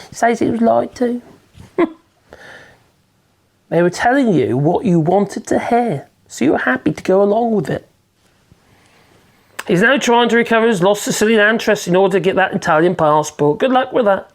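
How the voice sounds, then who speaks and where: A woman's voice: medium pitch, animated, normal speed, pauses often. Sarcastic woman commentator. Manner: sarcastic, frequent sighs and wry asides. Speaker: channel host. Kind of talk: reading and commenting on a news article.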